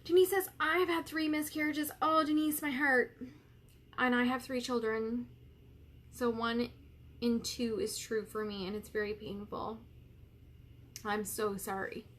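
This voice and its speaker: A woman's voice: a little high, fairly bright tone, slight background noise. A woman in her thirties hosting a live coaching stream, tearful and candid, swearing freely as she reads viewers' comments. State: tearful, crying while talking.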